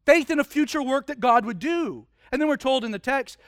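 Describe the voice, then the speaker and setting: Guy with a really high voice preaching, paints the story dramatically, dry close sound. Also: animated, fairly quick, fairly bright tone, no room sound. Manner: vivid dramatic storytelling, frequent restarts. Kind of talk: sermon.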